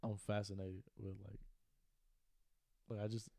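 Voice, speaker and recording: Young male podcast co-host, twenties, low and gravelly, dark tone, easygoing slangy storyteller. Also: little pitch movement, measured pace, no echo, studio quality. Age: 20s. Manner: laid-back storytelling with slang and fillers. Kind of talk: casual chat.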